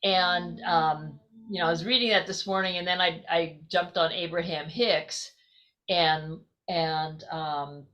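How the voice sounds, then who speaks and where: A woman with a lowish voice speaks slowly in a casual group video chat. She is hesitant and reflective, filling her gaps with ums and restarts. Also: steady tone, a bit bright. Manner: hesitant and reflective, many fillers. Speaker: discussion participant.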